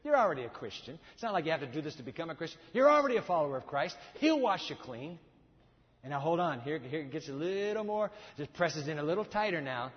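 A male preacher delivering a sermon, swinging from loud exhortation to hushed intensity, in a church. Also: fairly high pitch, very animated, fast talker. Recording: echoey hall, dull lo-fi sound.

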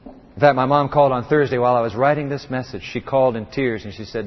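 Middle-aged preacher in a reverberant hall. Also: male voice, medium pitch, steady tone, fast. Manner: impassioned preaching, with frequent word repeats and restarts. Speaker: pastor. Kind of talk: sermon. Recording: reverberant, dull lo-fi sound.

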